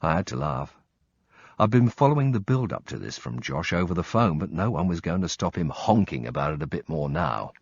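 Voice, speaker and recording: A man's voice: low voice, big pitch swings, a little fast, breathy edge, no echo. A man reading a first-person audiobook with dry, wry storytelling and blunt swearing, on slightly muffled audio. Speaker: audiobook narrator.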